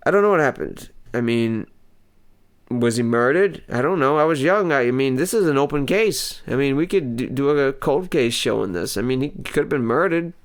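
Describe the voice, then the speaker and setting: Guy rambling through a funny story, mid-pitched, clean crisp voice, lots of ums and hammy outbursts. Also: animated, moderate pace. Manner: hesitant, full of ums, mock-dramatic outbursts. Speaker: comedy podcast host. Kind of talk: rambling comic monologue.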